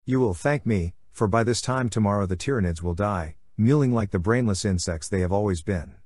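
A man voicing a scheming, silver-tongued male warlord in an audiobook, smooth and sarcastic with bursts of fury. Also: fairly low pitch, a little fast, darkish tone, dry recording, clean studio sound, close to an everyday voice. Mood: scornful. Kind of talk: audiobook character voice.

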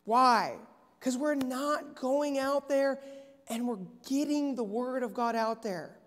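A man's voice: very high-pitched, slow, a bit bright. A man preaching a sermon in a church, earnest and storytelling, with frequent restarts. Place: church sanctuary. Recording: echoey church hall.

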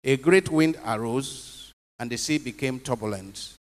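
A man's voice: mid-range voice, measured pace, slight background noise. A man, a priest, giving an emphatic homily and putting questions to his congregation. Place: chapel. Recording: long chapel reverb.

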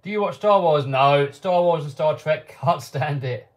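A man's voice: fairly high pitch, measured pace. Chatty man in a live Q&A. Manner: reads out viewer questions, answers offhand and chuckling. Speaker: channel host answering live chat. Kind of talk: casual live-stream Q&A. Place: home workshop.

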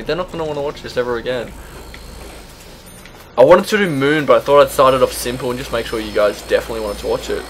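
Chatty young gaming commentator. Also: male voice, medium pitch, a little hiss or hum. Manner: chatty, swears freely, laughs at himself. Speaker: gaming YouTuber. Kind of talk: casual gameplay commentary.

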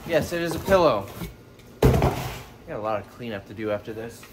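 A man's voice: mid-range voice, animated, moderate pace, very noisy. A man giving casual, joking commentary while unboxing items for resale, thinking aloud as he goes. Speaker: reseller vlogger.

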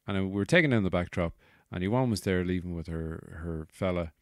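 A man's voice: low voice, steady tone, a little fast, dry recording, clean studio sound. An Irish man in his thirties, a comedian hosting his podcast, rambling casually with exasperated, sweary asides.

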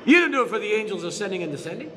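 A male pastor preaching in a church, his high voice swinging widely up and down. He presses his points with repeated rhetorical questions to the people in front of him. The sound carries a long reverberant church-hall tail over a faint ambient hiss. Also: very animated, very fast, a bit bright. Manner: emphatic preaching with frequent rhetorical questions to the congregation. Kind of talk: sermon. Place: church sanctuary.

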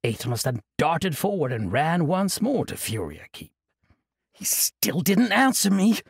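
A man narrating a fantasy audiobook in an expressive storytelling manner. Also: medium pitch, husky, no room sound, clean studio sound.

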